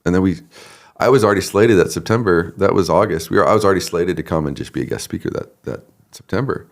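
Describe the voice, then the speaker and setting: Male pastor guest, very low gravelly voice, relaxed storyteller who laughs easily. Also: quick pace. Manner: relaxed, laughs often, acts out quoted people. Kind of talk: conversational storytelling.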